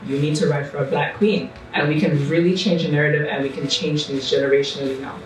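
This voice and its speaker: A woman's voice: low voice, steady tone, quick pace. A woman speaking with passion and urgency as a guest in a casual group chat. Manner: impassioned, urgent. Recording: echoey room from a distant mic, faint music.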